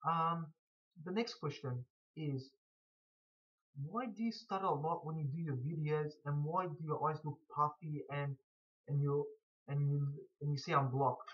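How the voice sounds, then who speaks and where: Stuffy-nosed man, halting speech. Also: a little high. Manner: halting, stuttering, frequent restarts. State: blocked nose from hay fever. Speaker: scrap collector vlogger. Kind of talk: casual to-camera Q&A. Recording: dull lo-fi recording.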